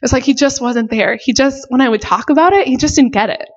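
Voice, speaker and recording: A young woman with a slightly high voice shares her personal faith testimony as a missionary. She talks earnestly and emotionally, leaning on casual fillers. The recording sounds dull and lo-fi. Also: brisk. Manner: earnest and emotional, many "like" and "you know" fillers.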